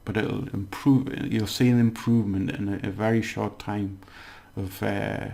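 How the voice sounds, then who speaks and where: A man giving a casual language lesson, explaining slowly and repeating words, with many fillers. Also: lowish voice, level tone, gravelly, mellow. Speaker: language teacher.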